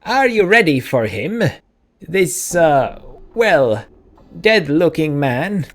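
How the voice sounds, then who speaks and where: A man's voice: fairly high pitch, very animated, slow, a bit bright, full character voice. A man voicing a small, bossy old woman shopkeeper who nags her husband in a braying voice, in a video game read-aloud. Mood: scolding. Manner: nagging, bossy.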